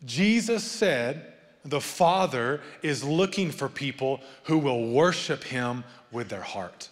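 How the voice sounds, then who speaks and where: A man preaching a sermon as pastor, swinging from loud, rising appeals to soft, low asides and joking with the congregation. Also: lively intonation, slow. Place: church sanctuary. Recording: long reverb of a church hall.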